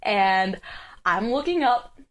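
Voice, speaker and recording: A woman podcast host chatting casually, telling a story in an animated way, laughing and swearing often. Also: mid-range voice, slow.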